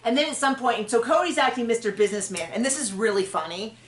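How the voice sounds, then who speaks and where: A woman hosting a podcast, chatting frankly and opinionatedly about a reality show, with quick asides and self-corrections. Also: a little high. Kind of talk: casual opinionated chat. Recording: roomy distant mic.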